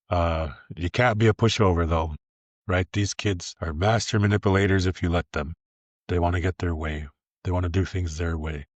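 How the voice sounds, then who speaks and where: Man, fifties, very low voice, plainspoken earnest storyteller, dull lo-fi dry recording. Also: no room sound. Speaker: youth treatment program leader. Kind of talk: podcast interview, personal storytelling. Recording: dull lo-fi sound.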